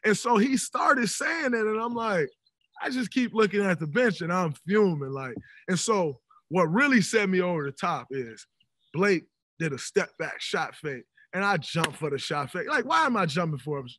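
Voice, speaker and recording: A man in his thirties, a podcast guest telling stories in an animated, emphatic way. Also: high-pitched, normal speed, dry recording. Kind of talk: casual podcast conversation. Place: podcast studio.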